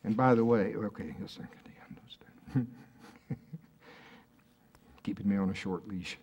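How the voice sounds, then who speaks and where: A man's voice: lowish voice, takes it slowly, a little mellow, breathy edge. A man preaching a sermon at a church service in a conversational way, often asking the congregation questions.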